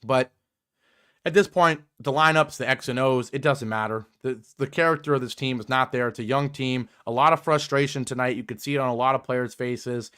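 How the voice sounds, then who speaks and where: A man's voice: mid-range voice, brisk, bright, forceful tone, clear, resonant tone. A young man hosting a sports podcast, reading out viewer comments and ranting in frustration, his voice climbing when he gets worked up. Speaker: podcast host.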